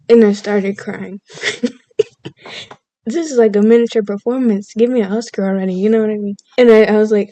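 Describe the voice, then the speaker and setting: Mellow-voiced woman rambling through a story. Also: medium pitch, fairly even intonation, normal speed, no room sound. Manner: chatty, laughs at her own story, playfully overdramatic. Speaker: vlogger.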